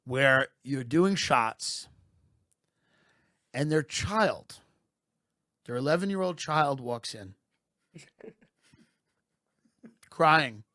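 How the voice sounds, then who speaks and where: A man doing a satirical comic monologue as a podcast host, deadpan and mock-patriotic, sometimes building into loud rants. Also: mid-range voice, very slow, pauses often, no room sound, clean studio sound.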